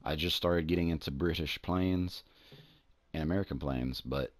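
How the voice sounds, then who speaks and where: A low-voiced man with a Southern US accent rambles casually while he plays, trailing off and restarting his sentences. The sound is dry and close, with no room echo. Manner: rambling, restarts, drawn-out words. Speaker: gaming channel host. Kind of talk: casual gameplay commentary.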